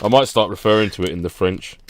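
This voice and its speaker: A man's voice: lowish voice, fast talker. Laughing, ranting man on a podcast. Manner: jokey ranting, frequent laughter. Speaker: podcast co-host. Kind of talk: casual chat.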